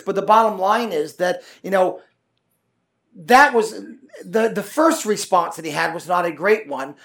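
A man preaching a conversational sermon as a pastor. He talks haltingly with many fillers and restarts, and builds to louder, emphatic points. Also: fairly high pitch.

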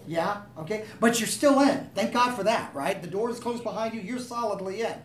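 A man's voice: sits high, brisk. A man preaching a sermon, talking conversationally and asking the room to agree with him. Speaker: pastor. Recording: echoey room, voice from a distance.

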